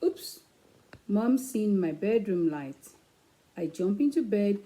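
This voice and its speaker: A woman hosting her own channel, reading a children's picture book aloud in a slow, expressive way with playful asides. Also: medium pitch, poor audio.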